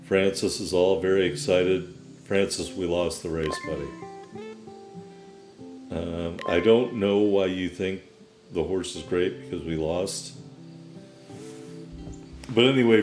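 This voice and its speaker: A man's voice: low voice, darkish tone, reverberant. A man hosting a gaming channel, talking casually over his gameplay with rambling, wry asides. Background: game music.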